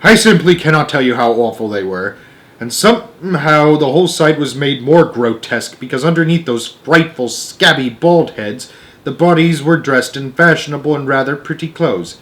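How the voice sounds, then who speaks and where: Expressive young man reading aloud. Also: fairly high pitch, moderate pace. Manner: expressive, with small slips and restarts. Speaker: storyteller. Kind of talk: reading a children's book aloud.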